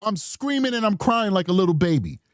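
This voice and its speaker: A high, lively male voice swings widely as he riffs on the case. His commentary is emphatic and scornful, and the sound is dry and close-miked. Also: a little fast, dry recording. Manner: emphatic, mocking, mimics people in bursts. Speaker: true crime stream host. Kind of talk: animated live-stream commentary.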